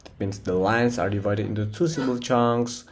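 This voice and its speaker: A man, a non-native English speaker, presenting a poem analysis for class, halting often with fillers and restarts. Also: fairly low pitch. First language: Indonesian. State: short of breath.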